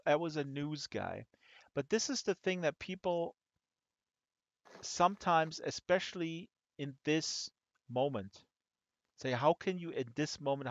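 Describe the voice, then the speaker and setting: A man hosting a casual chat, telling rambling, animated stories with many restarts. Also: on the high side, no echo. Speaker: host. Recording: dull lo-fi dry audio.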